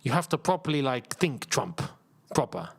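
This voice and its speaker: A man hosting a live football watchalong, chatty and excitable and laughing often. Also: mid-range voice, normal speed, creaky, slightly rough. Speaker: host.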